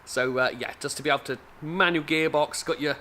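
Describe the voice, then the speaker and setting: A man's voice: a little high, a little fast, sharp tone, slight background noise. A man with an English accent, hosting a car channel and talking casually to camera with many filler sounds and restarts.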